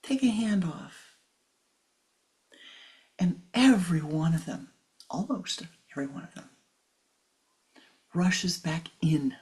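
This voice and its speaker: A woman spiritual teacher telling a parable in an expressive storytelling manner. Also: on the low side. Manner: expressive, slow storytelling with acted voices. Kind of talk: storytelling sermon.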